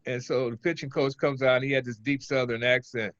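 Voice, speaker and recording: An older man from Oakland, a former pitcher, telling rambling stories as an interview guest. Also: fairly quick, dry recording, dull audio. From Oakland, California. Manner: relaxed, rambling, chuckles between stories. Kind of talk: casual interview storytelling.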